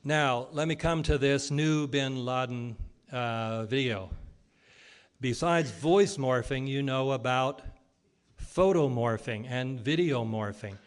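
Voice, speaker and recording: This public lecture comes from a man with a clear, resonant, medium-pitched voice; his style is combative, full of rhetorical questions, with pauses filled by frequent ums and uhs.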